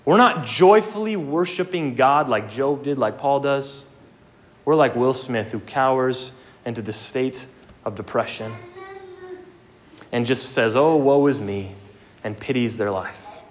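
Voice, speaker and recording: A man's voice: medium pitch, measured pace, fairly bright tone. A young man preaching a sermon, earnest and emphatic, with casual asides.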